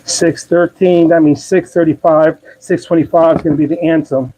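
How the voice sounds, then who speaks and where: A man from Maryland, with the accent to match, hosts a live cooking stream in his home kitchen, chatty and upbeat as he coaxes viewers along in a casual demo. His fairly high, dark-toned voice keeps fairly even intonation at a moderate pace. The recording is low quality.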